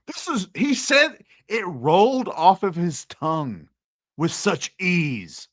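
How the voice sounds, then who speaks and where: Sarcastic slow-talking male host. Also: fairly high pitch, very animated, no echo. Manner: sarcastic, mock-indignant, slow and drawn out. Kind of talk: casual commentary.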